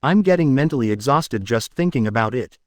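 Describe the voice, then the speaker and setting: Brief: tired, exasperated male ogre, deadpan and dry, voiced by a man in his own voice. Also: mid-range voice, fairly quick, dry recording, natural voice. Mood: weary. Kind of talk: fan fiction reading.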